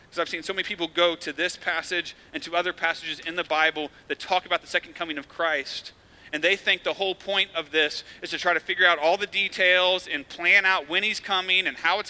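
A man's voice: high-pitched, bright, forceful tone. A male pastor giving a sermon in a church, speaking earnestly and conversationally, with rising emphasis.

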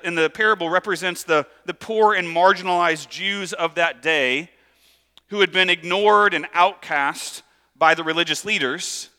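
A man preaching a sermon in a casual, conversational way, acting out lively asides. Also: high voice, big-room sound. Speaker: pastor.

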